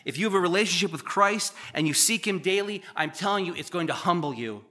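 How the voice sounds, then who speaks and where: A man in his thirties preaches to his congregation, reading scripture and jumping into animated asides. His voice is bright and forceful and pitched a touch high. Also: fast talker. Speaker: pastor.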